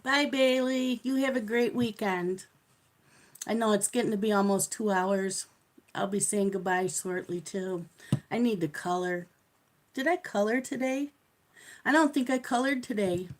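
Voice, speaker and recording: A woman's voice: medium pitch, unhurried. A middle-aged woman hosting a live coloring stream, chatting casually and telling stories with frequent laughter. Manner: chatty storyteller who laughs often. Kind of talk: casual chat while coloring.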